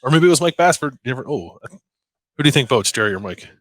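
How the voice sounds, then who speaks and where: A man co-hosting a casual sports podcast, chatty and quick to laugh, with lots of fillers. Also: mid-range voice, expressive, fairly bright tone, no echo. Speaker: podcast co-host.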